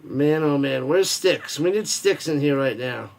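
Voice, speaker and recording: A man with a notably high-pitched voice hosts a live football watch party stream. He rambles casually, cracks jokes, and reads viewer comments aloud between quick play-by-play calls. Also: lively intonation.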